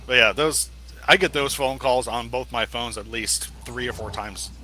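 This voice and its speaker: Bright-voiced man chatting and laughing. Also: mid-range voice, normal speed, poor audio. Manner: laughing storyteller, mocks scam callers. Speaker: host. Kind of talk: casual chat.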